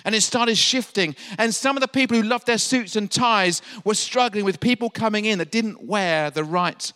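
A man's voice: sits high, normal speed, pushed and bright, long reverb tail. A man from England preaching a sermon as pastor, asking his listeners questions and acting out the quotes he tells.

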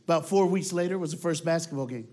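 A man telling a story from the stage, animated and talking straight to his audience. His voice sits a little on the high side. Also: quick pace. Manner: animated, talks straight to the crowd.

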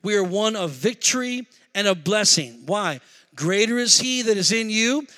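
A man preaches a sermon, his voice sitting high and sounding bright and forceful. He moves from quiet personal storytelling into fervent, rising exhortation. He sounds middle-aged and speaks with the ease of a practiced pastor. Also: animated, moderate pace.

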